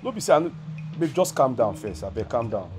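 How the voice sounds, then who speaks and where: A man playing a fast-talking Nigerian boyfriend. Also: mid-range voice, big pitch swings, over music, lightly acted. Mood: placating. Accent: Nigerian Pidgin English. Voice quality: placating, quick-talking. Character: evasive young boyfriend, placating and weary. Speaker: boyfriend Ekene. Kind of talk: Nollywood film acting.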